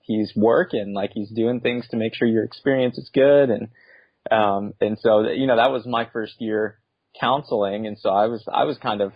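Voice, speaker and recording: A man's voice: lowish voice, fairly even intonation, moderate pace, dry recording. A man co-hosting a casual conversation who speaks hesitantly, restarting his sentences often. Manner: hesitant, with many restarts and fillers. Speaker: co-host. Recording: dry, muffled lo-fi audio.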